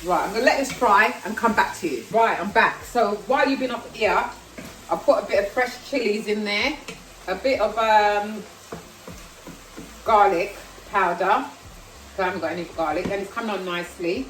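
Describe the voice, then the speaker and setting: A woman's voice: medium pitch, normal speed, a bit bright. A woman with a London accent chatting casually and self-deprecatingly while she cooks at home. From South London, England. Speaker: vlogger. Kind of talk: casual cooking vlog chat. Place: home kitchen. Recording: echoey kitchen, far from mic, sizzling. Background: frying and sizzling food.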